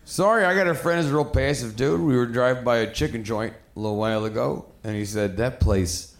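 A man doing a stand-up routine, brash and profane, working himself up to shouts on stage. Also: mid-range voice, fairly quick. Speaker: stand-up comedian. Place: comedy club stage. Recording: roomy club with audience laughter.

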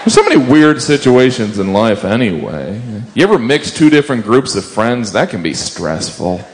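A man doing a stand-up routine, animated, slipping into high silly voices for the characters he quotes. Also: normal speed. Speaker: stand-up comedian. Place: live comedy venue with audience. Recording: live stage recording with audience and noise.

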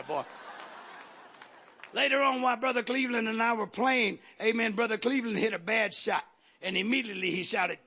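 A man preaching a sermon in a church, calling out to the congregation and rising to shouts. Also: sits high, expressive, a little fast, husky. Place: church sanctuary.

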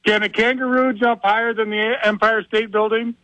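A man's voice: sits high, level tone, normal speed, bright, forceful tone, no echo. A man calling in to a radio show, friendly and chatty, stumbling over restarts. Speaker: radio caller. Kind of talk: phone-in chat. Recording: muffled dry phone line.

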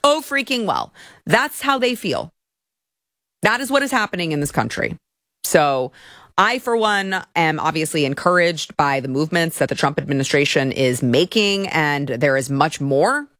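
A young woman hosts a commentary show with a lowish voice and a biting, sarcastic edge. She mocks and scoffs as she talks. The sound is dry and close, with no room around it. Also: lively intonation, moderate pace, a bit bright, no room sound. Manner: sarcastic, mocking. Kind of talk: opinionated commentary.

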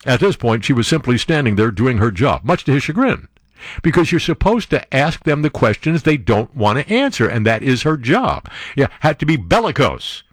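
A man hosting a show, reading news stories aloud and breaking off into sarcastic, animated commentary. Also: normal speed, dry recording, studio quality. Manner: animated, sarcastic asides, jumps to high exclamations. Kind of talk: casual political commentary.

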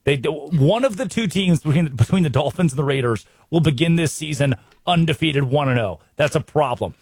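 An American man hosting a sports radio show, brisk and wry, full of rhetorical questions. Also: on the high side, expressive, a little mellow, husky, no echo. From United States.

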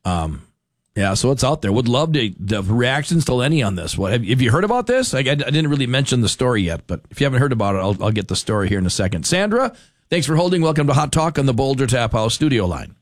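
A man's voice: medium pitch, big pitch swings, dry recording, studio quality. A man hosting a call-in talk radio show, chatting casually with callers and trailing off into fillers. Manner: casual, agreeable, drawn-out fillers. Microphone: studio microphone.

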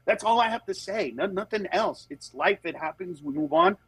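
Animated, high-voiced comedian telling stories. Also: male voice, moderate pace, gravelly, husky, no echo. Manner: animated storyteller who acts out other people's voices. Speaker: stand-up comedian. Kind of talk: casual podcast conversation.

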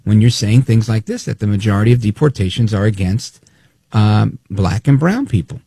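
A man hosting opinionated political talk radio, animated and snide, acting out quotes as he talks. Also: lowish voice, normal speed, gravelly, husky, dry recording.

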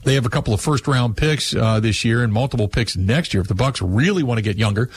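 A man's voice: mid-range voice, lively intonation, quick pace, breathy edge, dry recording. A man hosting a call-in sports radio show, talking casually and rambling with fillers and restarts. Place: radio studio.

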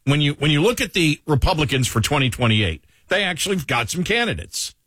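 A male talk radio host with a Buffalo accent chats casually, leaning on "you know". His voice is a touch husky and on the high side. The sound is dry and close. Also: sing-song, fairly quick, fairly bright tone, no room sound. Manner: conversational, lots of "you know".

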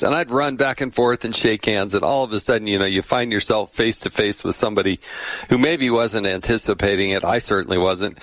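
Low-voiced chatty male podcast host. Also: fairly bright tone, no room sound. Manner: chatty, laughs often, acts out quoted voices. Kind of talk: casual interview chat.

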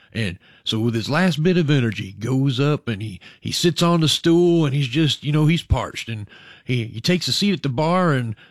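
A man's voice: medium pitch, no echo, studio quality. A man hosting a bluegrass radio show, chatting folksily with listeners and spinning a long joke.

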